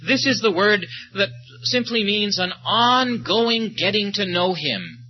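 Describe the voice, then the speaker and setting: A man preaching a sermon, speaking slowly and emphatically and stopping to tell short stories. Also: high-pitched, sing-song. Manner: slow, emphatic preaching with storytelling asides. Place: meeting or conference hall. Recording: muffled, lo-fi recording with faint hum.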